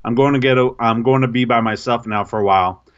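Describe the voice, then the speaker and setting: A man co-hosting a podcast, telling an embarrassing story in casual, animated, self-mocking chat. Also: medium pitch, fast, clear, resonant tone, muffled recording. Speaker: podcast co-host.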